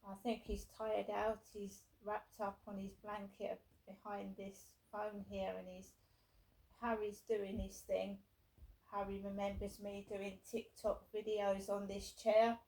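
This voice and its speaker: Rambling woman vlogger with gravelly voice. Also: mid-range voice, darkish tone, poor audio. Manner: rambling, many restarts and fillers. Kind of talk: casual talking to camera.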